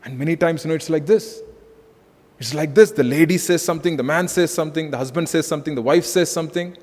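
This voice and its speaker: A man's voice: a little high, quick pace, a little mellow. A man preaching a conversational sermon as pastor, repeating phrases and saying "you know" often. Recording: echoey hall.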